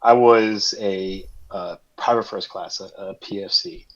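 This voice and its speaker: A man's voice: sits low, a little slow, lo-fi sound. A man telling a funny story on a casual podcast, acting out what people said. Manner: animated storyteller, acts out quotes. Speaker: podcast co-host.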